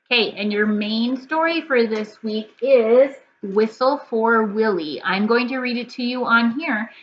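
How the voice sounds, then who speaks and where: A woman teaching a recorded first grade reading lesson. She talks patiently, sounds words out slowly and keeps checking in with "okay?". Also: fairly high pitch. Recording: dull lo-fi audio with faint hum.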